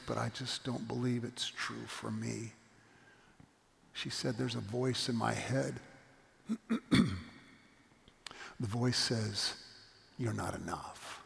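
A man's voice: mid-range voice, vocal fry, fairly bright tone. A middle-aged male pastor preaching a sermon, telling a story earnestly and repeating his point with emphasis. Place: church sanctuary. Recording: long reverb of a church hall.

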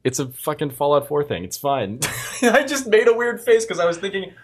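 A man's voice: on the high side, sing-song, brisk. A man co-hosting a podcast in casual chat, flustered and trailing off with many fillers. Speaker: podcast co-host.

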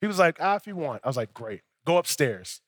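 A man's voice: on the high side, very animated, fairly quick, slightly rough, no room sound. A young adult male pastor preaching a sermon in a conversational storytelling way, acting out both sides of his dialogues.

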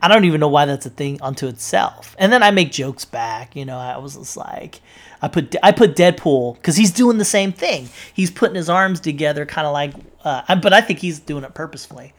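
Low-voiced woman, rambling and profane. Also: lively intonation, brisk. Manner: rambling, profane, many fillers and restarts. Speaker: social media poster recounting an argument. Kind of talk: casual storytelling monologue.

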